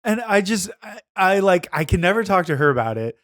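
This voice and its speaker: A man's voice: high voice, sing-song, fairly quick, fairly bright tone. A man co-hosting a podcast, telling rambling stories in casual chat with lots of fillers and quoted asides. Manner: rambling storyteller, many fillers and mimicked quotes. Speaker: podcast co-host.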